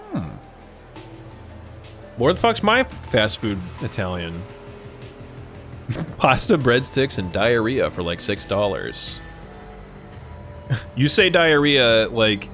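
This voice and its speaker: Young guy, mid-pitched, swears a lot, riffs loosely with chat over faint music. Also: a bit bright. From United States. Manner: profane, rambling, jokey. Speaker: streamer. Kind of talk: casual live-stream chat.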